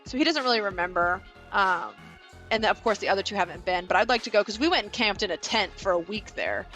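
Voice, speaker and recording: A woman's voice: mid-range voice, fast talker, fairly bright tone, soft background music. A woman in her thirties from Kansas, chatting casually with viewers and telling a long rambling story with lots of fillers and casual swearing. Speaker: vlogger. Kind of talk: casual chat while building.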